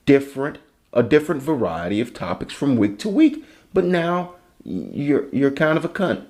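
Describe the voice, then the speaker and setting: A man's voice: medium pitch, big pitch swings, moderate pace. A man from Chicago hosting a solo comedy podcast, ranting with heavy profanity and sarcasm. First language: English. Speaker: podcast host.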